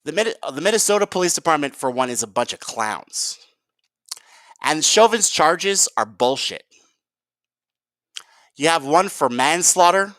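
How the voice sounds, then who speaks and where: A man's voice: on the high side, animated, a little slow, pauses often, fairly bright tone, dry recording. A man ranting in a heated, profane vlog commentary and calling his viewers "guys". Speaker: video commentator.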